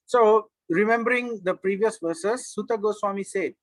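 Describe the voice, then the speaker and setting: Man, slightly higher voice, dry close recording, teaching a scripture class with frequent restarts. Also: normal speed, fairly bright tone, no room sound, poor audio. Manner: explanatory, with frequent restarts and fillers.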